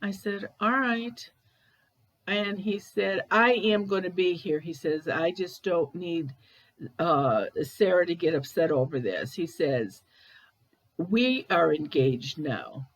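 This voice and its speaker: Slow-talking woman telling a story. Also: on the low side, lively intonation, low-quality recording. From Ohio, USA. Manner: retells conversations, repeating "I said" and "I says". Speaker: spirit medium recounting a case. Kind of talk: casual storytelling.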